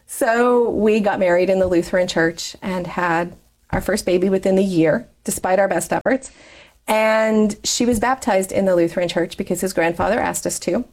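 Speaking at a normal speed, a woman in her forties with a mid-range, somewhat mellow voice tells her life story as an interview guest. She is chatty and open, laughing often along the way.

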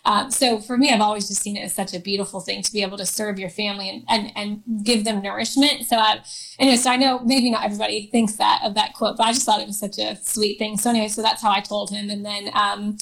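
A woman's voice: mid-range voice, fairly even intonation, fast talker, gravelly, fairly bright tone, rough recording. A woman in her thirties telling a personal story in a casual chat, laughing often and using many fillers. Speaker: guest.

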